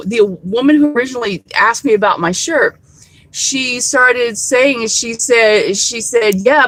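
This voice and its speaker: Chatty woman with a bright high voice. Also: no echo, low-quality recording. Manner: rambling, candid, swears freely. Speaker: activist vlogger. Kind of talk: casual storytelling to viewers.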